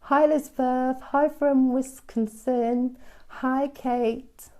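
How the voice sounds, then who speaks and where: A woman's voice: high-pitched, fairly even intonation, slow, darkish tone. A woman giving casual live-stream psychic readings, soothing and chatty, calling her listeners sweetheart and darling. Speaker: psychic medium.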